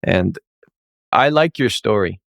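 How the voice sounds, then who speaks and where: A man's voice: lowish voice, animated, slow, vocal fry, fairly bright tone, no room sound, clean studio sound. A man hosting a conversation who speaks in a hesitant, reflective way. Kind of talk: casual conversation.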